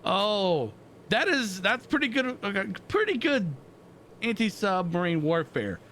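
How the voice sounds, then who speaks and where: A man's voice: high voice, a little slow, a little hiss or hum. A man hosting a gaming channel, giving casual commentary and reacting aloud as he plays a naval combat game. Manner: excitable, reacting aloud while playing.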